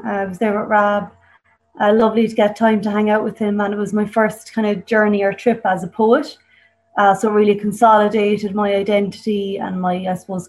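A woman's voice: mid-range voice, darkish tone, slight background noise, rough recording. Irish woman performing spoken-word poetry. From Ireland. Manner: chatty introduction, then emphatic dramatic recitation. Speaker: poet. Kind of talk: introducing and performing a poem. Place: home on the coast. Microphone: video call over a weak connection.

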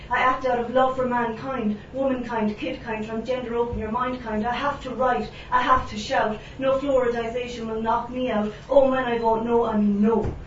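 A woman's voice: fairly high pitch, slight background noise. A woman from Ireland performing a rhythmic, defiant rhyming poem at a live reading. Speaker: performance poet. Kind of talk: spoken-word poetry reading. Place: echoey venue, live event. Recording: echoey room, distant, dull sound.

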